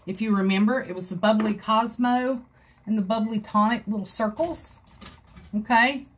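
A woman's voice: a little high, normal speed, breathy edge. A woman hosting a live craft tutorial from her home craft room, chatting folksily with viewers as she works. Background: dogs scratching in another room.

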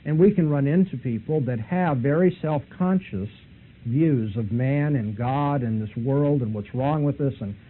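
A man's voice: mid-range voice, measured pace. A man giving a seminary apologetics lecture, telling a debate story with emphatic, argumentative delivery. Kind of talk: apologetics lecture with retold dialogue. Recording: tinny phone-like lo-fi recording with faint hiss.

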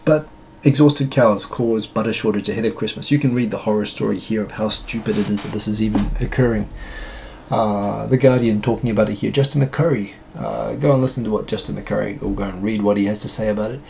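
A man's voice: fairly low pitch, fairly even intonation, fairly quick, vocal fry, a little mellow, slight background noise. A man from New Zealand hosting a live stream, ranting casually in a rambling, sarcastic, exasperated way.

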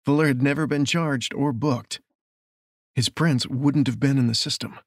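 A male audiobook narrator with a medium-pitched voice reads a romance novel aloud in a steady, measured storytelling manner. It's scripted romance narration, recorded dry with clean studio sound.

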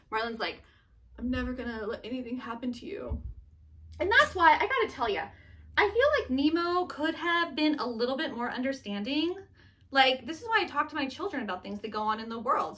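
A woman in her thirties chats about vintage clothes in a bright, lively voice that swings up and down as she tells stories. She pitches a touch high and acts out little voices along the way. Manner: chatty storyteller, acts out voices. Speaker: shop co-host showing vintage clothes. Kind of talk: casual chat.

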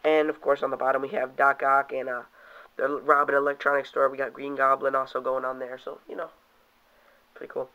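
A man's voice: mid-range voice, flat delivery, a little fast, pushed and bright, clear, resonant tone. A young man casually reviewing toys, rambling and cursing now and then, reading comic panels aloud in put-on voices. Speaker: toy reviewer. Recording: dull lo-fi home video audio.

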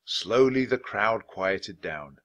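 A man reading a children's book aloud, clear, steady and expressive. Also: on the low side, slow. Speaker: story reader.

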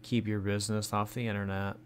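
A man's voice: on the low side, flat delivery, brisk, slight background noise. A man hosting a reaction commentary, making sarcastic, mocking remarks about the clips. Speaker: commentary host.

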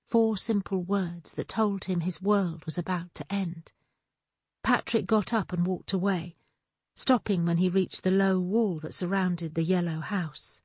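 A woman narrating an audiobook in a steady, measured way. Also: lowish voice, breathy edge, no echo. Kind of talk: scripted narration.

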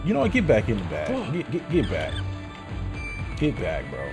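A young man streaming a video game, loudly and excitedly talking back to the characters on screen in casual, swearing slang. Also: fairly low pitch, moderate pace, over music. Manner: loud, animated, talks to game characters. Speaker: gameplay streamer. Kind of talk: excited gameplay commentary.

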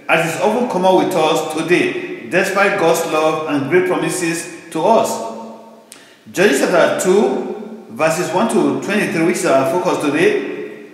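A male pastor preaching a sermon in an emphatic, repetitive style, asking the congregation rhetorical questions. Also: a little high. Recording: very echoey church hall with long reverb.

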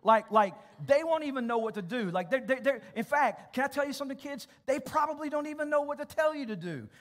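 A man's voice: very high-pitched, animated, quick pace, a bit bright. A pastor preaching a sermon to his church congregation, emphatic and direct, often repeating words as he addresses families. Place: church auditorium.

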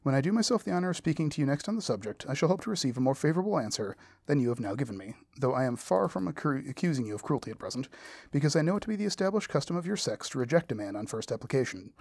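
A man's voice: mid-range voice, lively intonation, racing, a little mellow, no room sound, clean studio sound. A man reading as a pompous clergyman suitor. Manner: long-winded formal proposal, read aloud. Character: pompous self-satisfied male clergyman suitor.

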